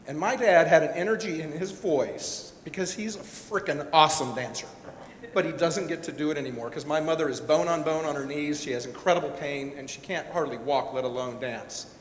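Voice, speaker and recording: Male event speaker, candid and emotional, slightly high voice, reverberant hall. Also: normal speed. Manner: personal, emotional, rambling with restarts. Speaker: event speaker, director-producer. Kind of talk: candid speech to an audience. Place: large hall. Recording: echoey hall with faint rumble.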